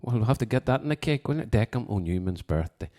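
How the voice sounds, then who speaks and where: A man's voice: lowish voice, lively intonation, quick pace, dark tone. A man chatting casually between songs as host, rambling as he reads out requests and birthday wishes from a piano room at home. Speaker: host of a live music show.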